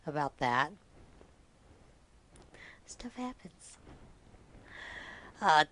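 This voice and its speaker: Medium in pitch and a bit bright, with no echo, the voice of a middle-aged woman carries a casual craft vlog. As a knitting podcast host she's chatty and teasing, laughing often as she tells good-humored anecdotes.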